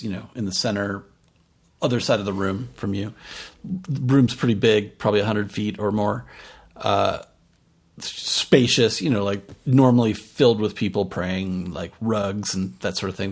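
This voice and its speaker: A man running a tabletop game as game master, describing the scene in a loose, rambling way full of fillers. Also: lowish voice. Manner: rambling, many fillers and restarts.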